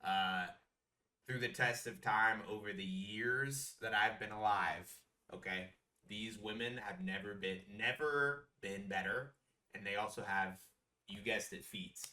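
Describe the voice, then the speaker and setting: A young man co-hosting a casual podcast, animated and slangy, repeating himself for emphasis. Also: lowish voice, measured pace, far from the mic. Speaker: podcast co-host.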